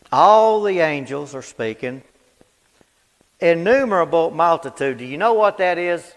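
A man preaching at a Bible study in a fervent, folksy way, repeating lines for emphasis and swinging between loud declarations and low, quiet asides. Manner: folksy, plain-spoken. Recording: reverberant church hall.

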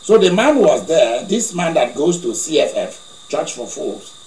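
Animated high-voiced preacher telling a story. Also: male voice, a little slow, a little hiss or hum. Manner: animated storyteller, laughing asides. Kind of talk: sermon storytelling. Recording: echoey room.

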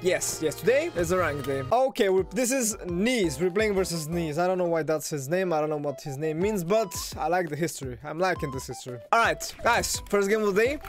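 A young man giving excitable live commentary while playing a fighting game, shouting at big plays and groaning at his mistakes. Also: high voice, brisk, hardly any pauses. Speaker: gaming streamer. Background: game music.

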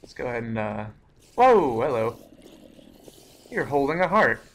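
A young man giving live commentary while playing a game, excitable, cursing often and breaking into startled outbursts. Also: mid-range voice, unhurried. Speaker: let's play gamer.

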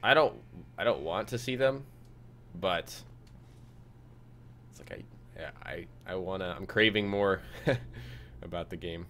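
Young man, game streamer, low voice, relaxed chat, fillers, reads chat aloud, faint background noise. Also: measured pace, pauses often. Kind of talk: casual live-stream chat over gameplay.

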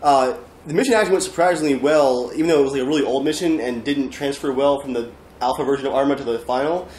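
A man's voice: medium pitch, fast talker, a little mellow. A man co-hosting a podcast, telling a game story in a laid-back way full of "like". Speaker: podcast co-host. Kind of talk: casual chat. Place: room with friends. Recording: roomy room, faint noise.

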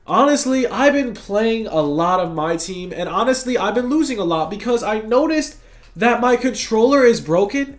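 A young man with a cold, talking fast and casually over his gameplay and saying "bro" a lot. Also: high voice. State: has a cold, sounds tired. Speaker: gaming YouTuber.

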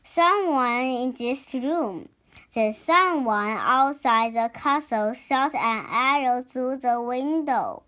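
Brief: child reading storybook boy sleuth, careful, bright tone. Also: high-pitched, slow, heavily acted. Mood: explaining. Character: clever young boy detective.

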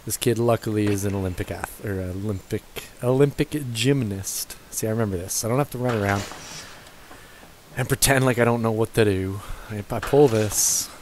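A man's voice: fairly low pitch, normal speed, darkish tone, slight background noise, rough recording. A young man casually commentating his gameplay, cursing and joking at the characters on screen. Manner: profane, joking, talks to the game characters. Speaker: let's play gamer. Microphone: gaming headset.

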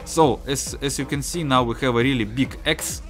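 A man with a Russian accent giving excitable, profane gameplay commentary. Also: medium pitch, normal speed. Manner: excitable, profane trash talk. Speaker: gaming YouTuber. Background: game music.

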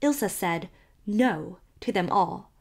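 Woman reading tart spinster neighbor, emphatic, relishing scandal, low-pitched, storybook. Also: takes it slowly, vocal fry, a little mellow, exaggerated voice. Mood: scandalized.

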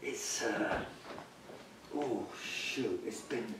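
A man's voice: lowish voice, extremely slow. An older man, talking as a patient in a rambling way that trails off into hesitations. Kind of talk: candid conversation. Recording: echoey room, mic far off, faint hiss.

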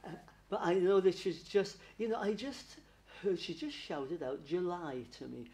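High-pitched and expressive, with a darkish tone and moderate pace, a man acting as a medium gives a spiritualist church platform reading. He chats warmly, laughs often, and calls everyone darling.

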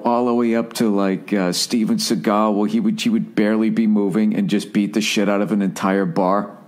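A man hosting a podcast, ranting in a casual comedic way, profane and quick to mimic voices. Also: fairly low pitch. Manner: profane, animated, mimics voices mid-story. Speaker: podcast host.

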